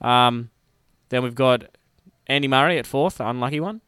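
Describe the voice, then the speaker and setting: A man's voice: mid-range voice, normal speed, a bit bright, clear, resonant tone, no room sound. Young Australian male co-host, chatty and joking, clean, close, dry mic. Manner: chatty, jokey, plays up the banter. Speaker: sports radio co-host. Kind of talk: casual sports chat.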